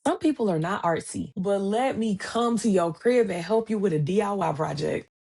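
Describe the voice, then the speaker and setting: A woman's voice: mid-range voice, moderate pace, creaky, breathy edge. A woman in her thirties hosting a solo podcast, talking casually and telling stories by acting out the voices of the people in them. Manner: animated storytelling, acts out quoted dialogue; conversational, colloquial phrasing. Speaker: podcast host.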